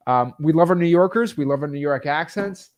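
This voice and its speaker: Man, higher-pitched, casual coaching talk, energetic, lots of fillers. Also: a little fast. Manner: energetic, filler-heavy, chatty. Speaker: real estate wholesaling coach.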